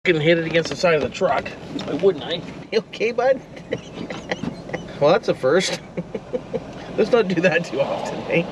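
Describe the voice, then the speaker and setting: A man's voice: on the high side, fast, noisy background. A man chatting casually while flying a drone outdoors by a frozen river, talking to the drone and the birds. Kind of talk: casual running commentary.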